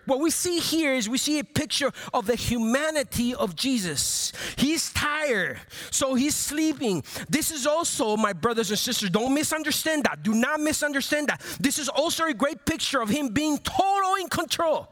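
A man preaching a sermon as pastor, animated, with many repeated phrases and call-and-response to the congregation. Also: extremely high pitch, moderate pace, few pauses. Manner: animated, playful asides to the congregation.

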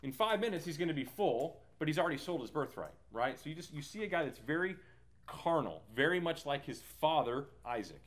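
Male Bible study leader, slightly high-pitched, relaxed and rambling. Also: a little fast. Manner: talkative, many fillers and restarts. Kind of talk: casual teaching.

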